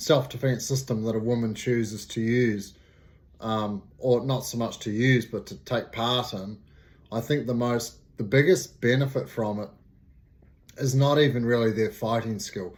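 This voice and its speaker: A middle-aged man from New Zealand, a martial arts instructor, talking casually to camera, nasal from a cold and rambling with many fillers. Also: mid-range voice.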